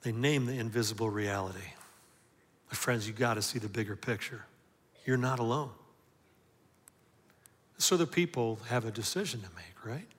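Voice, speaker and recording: Guy pastor preaching, mid voice, asks the room questions, goes loud then quiet, long church echo. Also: medium pitch, normal speed, pauses often. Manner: emphatic, call-and-response questions, swings from loud to hushed. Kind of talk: sermon.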